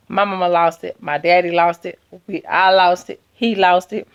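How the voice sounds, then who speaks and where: Woman vlogger in her 30s, kinda low voice with lots of fry, chatty and animated talking to y'all. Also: moderate pace, few pauses. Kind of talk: casual storytelling to viewers.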